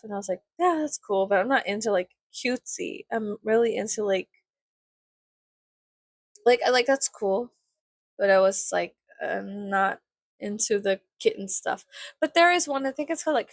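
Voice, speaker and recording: A woman's voice: medium pitch, no echo. A young woman from South Texas chatting casually to camera, rambling with lots of "like" and swearing freely. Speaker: vlogger.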